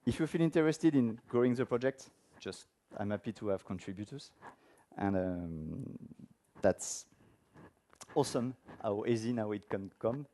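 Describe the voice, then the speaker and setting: A man's lowish, dark-toned voice moves at a measured pace with lively intonation. He's giving a casual technical conference talk with a live demo, questioning the audience in a conference room.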